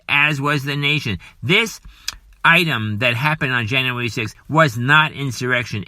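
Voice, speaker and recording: Indignant man with a bright, tense voice. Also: medium pitch, no room sound. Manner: indignant, repetitive, scolding. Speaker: podcast host. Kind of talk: political commentary monologue.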